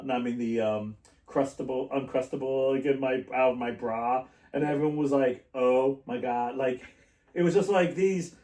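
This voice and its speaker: A man's voice: medium pitch, a little mellow. A man hosting a podcast, telling rambling stories in casual chat and laughing often. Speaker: podcast host. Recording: echoey room, mic at a distance.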